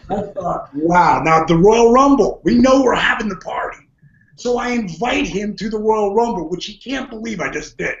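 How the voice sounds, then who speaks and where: A podcast guest with a notably high voice tells an animated story at normal speed, expressive throughout, laughing often and acting out other people's voices. The audio is dull and lo-fi, wrapped in a roomy echo.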